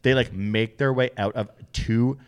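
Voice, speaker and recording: This is a man in casual podcast chat with a middle-pitched voice. He talks in an animated, rambling way that swings between loud bursts and soft asides. He sounds like a co-host riffing with a friend. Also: a little slow, clean tone.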